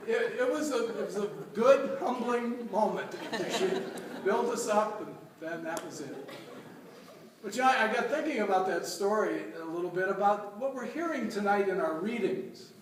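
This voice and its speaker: A man's voice: high-pitched, lively intonation, moderate pace, a little hiss or hum. A man serving as a deacon, giving a conversational sermon and telling stories to his congregation. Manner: storytelling, conversational homily. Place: church. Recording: echoey church from far off.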